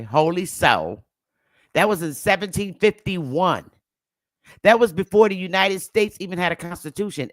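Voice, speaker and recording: A woman's voice: fairly low pitch, no echo, clean studio sound. A woman giving a casual, emphatic lecture to camera, with repetitive, preachy asides. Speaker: self-styled history teacher.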